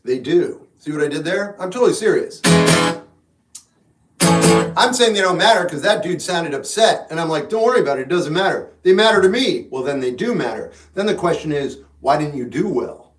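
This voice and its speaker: Man, high voice, relaxed livestream chat, echoey room, guitar music behind. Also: a little fast. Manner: relaxed, musing, gives frank advice. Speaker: livestream host answering chat. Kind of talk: casual live chat. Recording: echoey room, mic at a distance. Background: guitar music in the background.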